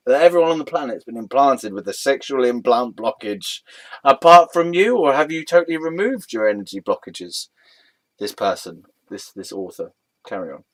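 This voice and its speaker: A man reading a web page aloud and mocking it, often breaking into laughter and mock-dramatic outbursts. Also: mid-range voice. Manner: giggly, keeps breaking into laughter.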